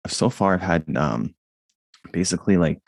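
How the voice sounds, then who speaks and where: A man with a monotone voice, chatting casually about his jiu-jitsu videos and the comments he gets, with many fillers and restarts. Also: low-pitched, normal speed, vocal fry, dry recording. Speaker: jiu-jitsu YouTuber and guest. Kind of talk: casual conversation.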